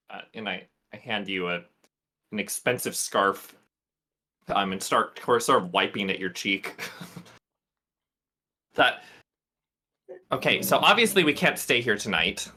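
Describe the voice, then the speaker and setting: A man's voice: fairly low pitch, lively intonation, unhurried, pauses often, pushed and bright. A man playing in a tabletop game, slipping between casual talk and his character's lines. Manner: drawling, slips in and out of character. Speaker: player. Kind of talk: casual role-play talk.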